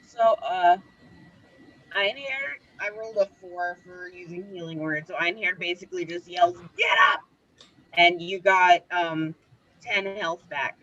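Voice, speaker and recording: A woman playing a tabletop role-playing game, explaining her moves in an unhurried way. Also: fairly low pitch, fairly bright tone, dull audio. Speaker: player.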